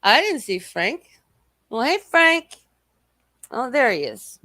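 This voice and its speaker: A bright, sharp-toned woman runs a casual livestream, heaping profanity and mockery on the people she rambles about. Her voice sits a touch high for a woman, and her throat sounds a little scratchy. The recording is close and dry, with no room sound. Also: sing-song, slow pace, no echo. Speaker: livestream host. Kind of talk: casual livestream chat reading comments.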